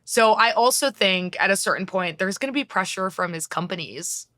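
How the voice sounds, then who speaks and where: A woman co-hosting a casual podcast, talking briskly and bluntly with casual swearing. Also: mid-range voice, lively intonation, sharp tone, no room sound, studio quality. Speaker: podcast co-host.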